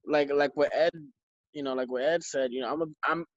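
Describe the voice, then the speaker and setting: A man co-hosting a casual podcast chat, relaxed and unhurried. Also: a little high, dry recording, lo-fi sound. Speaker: podcast co-host.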